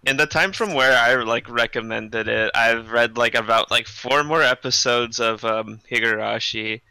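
A man with a gravelly, very bright and smooth voice rambles loosely in a casual podcast chat. He fills his sentences with "like". The sound is dry and close. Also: mid-range voice, normal speed, dry recording, low-quality recording. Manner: rambling, says "like" constantly. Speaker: podcast co-host.

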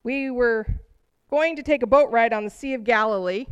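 A woman preaching from the pulpit, her voice sitting high. She tells personal stories with animated energy, rising as the feeling builds. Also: normal speed, clean tone, highs cut off. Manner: animated storytelling, voice rising with emotion.

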